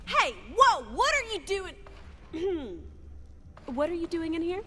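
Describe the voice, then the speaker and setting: A woman's voice: very high-pitched, sing-song, takes it slowly, bright, forceful tone, full character voice. An actress voicing a brash woman bar owner in a video game, caught off guard and theatrical. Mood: startled. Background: music.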